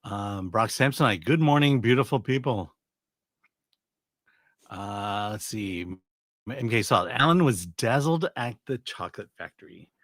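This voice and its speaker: A man co-hosting a casual film chat, reading out viewer comments in a relaxed way. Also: fairly low pitch, normal speed, no echo, studio quality. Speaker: podcast co-host.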